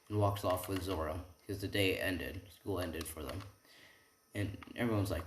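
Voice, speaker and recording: Man, casual rambling storyteller, very low voice, echoey room. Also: normal speed. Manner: rambling, keeps asking "right?". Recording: roomy room echo, faint noise.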